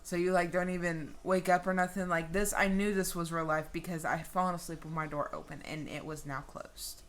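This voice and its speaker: A woman vlogger telling a personal story in a casual, animated way, swearing freely. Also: on the low side, fairly quick.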